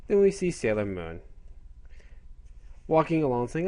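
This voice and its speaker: A man's voice: medium pitch, animated, normal speed, pauses often, warm tone, clean tone. A man reviewing a comic chapter in casual chat, rambling and correcting himself with offhand asides.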